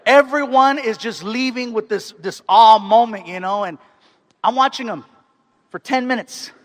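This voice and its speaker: A man performing stand-up comedy, telling a story in an animated way with bursts of excited shouting. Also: very high-pitched, moderate pace, no echo. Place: stage before a live audience.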